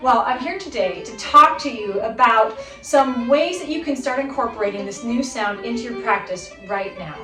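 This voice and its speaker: A woman's voice: a little high, lively intonation, normal speed, hardly any pauses, over music. A woman in her thirties giving a fiddle lesson, upbeat and encouraging, who counts the student in before playing. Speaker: fiddle teacher. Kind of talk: instructional video lesson. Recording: roomy sound from a distance. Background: her violin playing between phrases.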